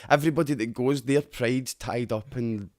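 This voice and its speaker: Young scottish guy on a gaming podcast, mid pitch, dry close sound, tells stories loud and sweary. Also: moderate pace, no echo. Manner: animated storyteller, swears freely. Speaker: podcast co-host. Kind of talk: casual chat.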